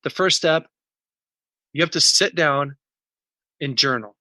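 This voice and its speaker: Interview guest, male, bright and forward tone, candid, walks through his process step by step. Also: fairly high pitch, slow pace, no room sound. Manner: earnest, teaching in numbered steps; candid and emotional about personal pain. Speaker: podcast guest, recovery coach. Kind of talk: podcast interview.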